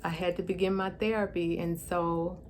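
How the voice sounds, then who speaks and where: A woman's voice: lowish voice, slight background noise. A woman telling her own story in a heartfelt, tearful way, her speech slightly affected by a stroke. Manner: tearful, heartfelt, pauses to steady herself. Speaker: vlogger. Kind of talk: emotional personal storytelling.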